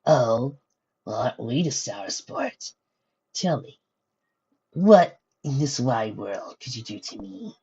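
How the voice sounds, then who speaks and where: A man's voice: mid-range voice, expressive, normal speed, vocal fry, a little mellow, husky. A man voicing a sneering pony warlord. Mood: mocking. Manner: mocking, coy sneer. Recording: dull lo-fi recording.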